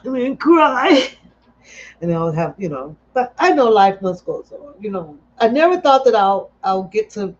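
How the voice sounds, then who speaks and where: Woman streamer, middle-aged, loose and profane chat, quick to laugh, dull lo-fi audio. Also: medium pitch. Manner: blunt, animated, profane, laughs often. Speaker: live stream host. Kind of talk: casual commentary to viewers.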